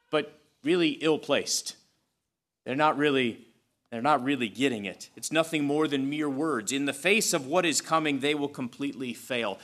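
A man's voice: mid-range voice, fairly bright tone. A man preaching a sermon in a conversational but emphatic way, repeating phrases for stress and adding touches of humor. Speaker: pastor.

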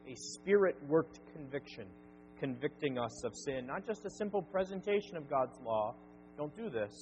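Male pastor, sermon, earnest and emphatic; muffled recording with faint hum. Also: a little high. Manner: earnest, slows down to stress key words. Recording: dull sound with long reverb and faint hum.

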